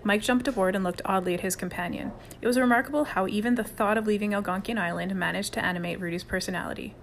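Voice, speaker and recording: Woman, audiobook narrator, calm, even storytelling, mid pitch. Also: fast talker, gravelly, a little hiss or hum. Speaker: audiobook reader. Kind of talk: scripted narration.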